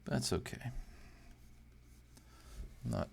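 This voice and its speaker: A man's voice: drawn-out words, slight background noise. A man chatting casually as he draws, thinking aloud and poking fun at his own attempts. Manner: thinks aloud, unsure and self-deprecating. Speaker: amateur artist hosting a drawing channel. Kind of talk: casual rambling while drawing.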